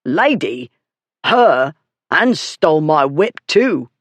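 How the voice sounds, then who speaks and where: A coarse, drunken bully of a man bellows in broken grammar, as an audiobook narrator puts him on. His voice jumps high and loud above the narration and stays combative. It is recorded dry and close. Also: big pitch swings, slow pace, no room sound, full character voice. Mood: angry shouting. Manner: shouting, coarse dialect grammar. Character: drunken brutish male dog owner, blustering. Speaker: story character.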